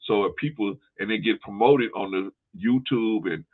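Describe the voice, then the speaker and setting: Over a tinny phone line, a man hosts a casual discussion, explaining his points at length with everyday analogies and frequent restarts. His voice is on the low side and he speaks at normal speed.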